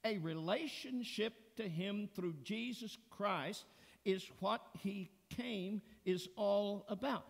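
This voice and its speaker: Slow gravelly preacher in a reverberant church. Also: male voice, high-pitched. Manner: slow, deliberate storytelling preacher. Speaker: pastor. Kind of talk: sermon. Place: church sanctuary.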